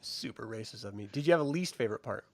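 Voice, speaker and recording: A man's voice: lowish voice, lively intonation, fast talker. A man hosting a casual TV review chat, laughing often and swearing freely. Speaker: show host.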